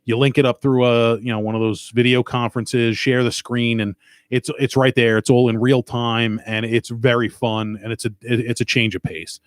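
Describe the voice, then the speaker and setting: A man's voice: mid-range voice, flat delivery, moderate pace, no room sound, clean studio sound. A man with a Long Island accent and a stuffed-up nose, rambling and cursing in casual podcast chat. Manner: rambling, profane and joking. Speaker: podcast host.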